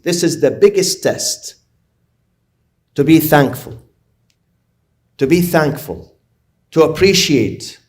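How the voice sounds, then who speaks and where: A man's voice: on the high side, a little mellow. A man preaching a sermon as a religious lecturer, stressing his points by repeating and listing short phrases. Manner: emphatic, repeats and lists phrases.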